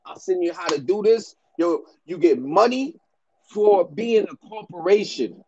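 A man's voice: high-pitched, expressive, unhurried, a little mellow, lo-fi sound. Man ranting in slangy casual talk. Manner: slangy, repetitive, keeps adding "bro" and "man". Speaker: dog breeder giving business advice. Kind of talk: casual rant to camera.

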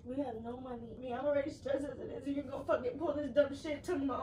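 A woman's voice: sits high, fairly even intonation, fast talker, darkish tone. Blunt young woman, swearing and exasperated. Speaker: girlfriend. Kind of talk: heated argument. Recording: roomy, distant and noisy.

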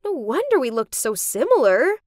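A young woman giving dramatic scripted narration for an animated story. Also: high-pitched, normal speed, no echo, clean studio sound.

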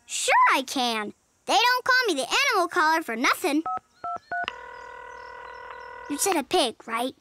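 A woman's voice: very high-pitched, sing-song, measured pace, long pauses, very noisy, full character voice. A woman voicing an eager, cheerful young mermaid girl in a cartoon, with music playing behind. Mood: playful. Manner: bright and eager, sing-song. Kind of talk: cartoon voice acting.

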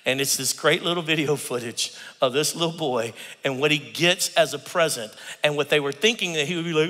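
A man preaching a sermon as pastor, animated, acting out quotes and swinging from hushed tones to shouts. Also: on the high side, a little fast, hardly any pauses. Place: church sanctuary. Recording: church hall reverb.

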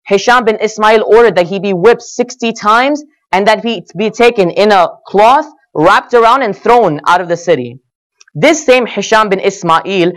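A man giving a sermon, telling stories earnestly and voicing the quoted lines with rising and falling emphasis. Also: high voice. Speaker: speaker at a religious gathering. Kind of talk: sermon storytelling.

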